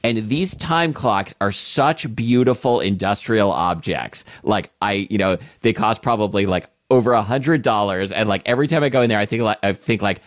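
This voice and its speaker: Man, very low voice, easygoing rambly podcast co-host, dry sound. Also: normal speed, hardly any pauses, dry recording. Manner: rambling, many "like" fillers, easygoing. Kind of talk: casual food chat.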